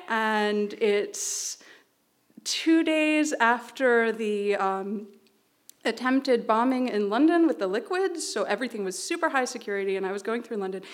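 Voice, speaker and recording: Animated woman telling a story live. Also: fairly high pitch. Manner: animated, anxious retelling with quick run-on phrases. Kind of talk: live storytelling before an audience. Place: live storytelling event on stage.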